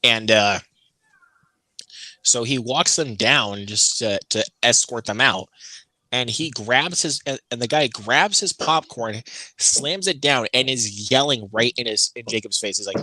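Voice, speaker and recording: A man co-hosting a casual chat, telling a story with animated delivery and acting out the people he quotes with big jumps in pitch. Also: normal speed, dry recording.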